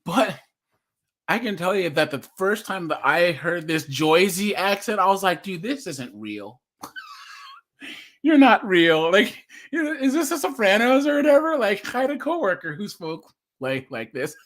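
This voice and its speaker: A young man from the US West Coast talks casually to his livestream viewers, reading chat comments and laughing along. His voice sits a little high and swings widely in pitch. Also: huge pitch swings, unhurried, fairly bright tone. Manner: chatty, laughing, reads chat comments aloud. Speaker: streamer reacting to videos and chat.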